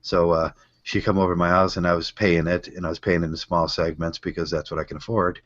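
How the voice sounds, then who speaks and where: Very deep-voiced American man. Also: flat delivery, fast talker, fairly bright tone, no echo, muffled recording. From United States. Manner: rambling storyteller, frequent fillers. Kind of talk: casual group chat.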